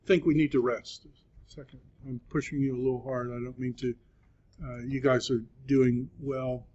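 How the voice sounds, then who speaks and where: A man teaching a Greek class, speaking patiently and encouragingly, with frequent pauses. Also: mid-range voice, little pitch movement, a little mellow. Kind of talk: classroom lecture. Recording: dull lo-fi classroom recording.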